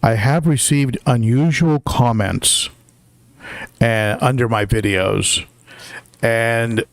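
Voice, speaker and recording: A man's voice: mid-range voice, slow, creaky, dry recording. An older man hosting a casual live stream, chatty, with lots of fillers and restarts while greeting viewers.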